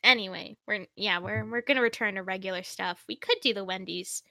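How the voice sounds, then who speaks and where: Woman, podcast co-host, casual chat, bright forceful voice, dry close sound. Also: medium pitch, a little fast, no echo. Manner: giggly, trails off into mumbles.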